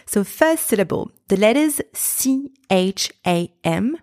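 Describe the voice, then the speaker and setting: A woman hosting a podcast lesson, slowly and carefully breaking words into sounds and repeating them for listeners to copy. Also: fairly low pitch, dry recording, studio quality. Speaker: podcast host and pronunciation teacher.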